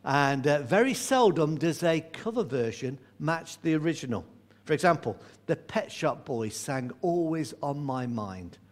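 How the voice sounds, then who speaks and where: A man's voice: fairly high pitch, animated, measured pace. A man, a church elder, preaching a sermon in a chatty storytelling way, asking his listeners questions.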